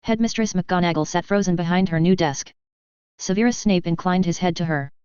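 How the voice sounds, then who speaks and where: A woman narrating a story in a steady, measured reading voice. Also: on the low side, smooth, dry recording, highs cut off. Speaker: audiobook narrator. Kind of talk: scripted narration.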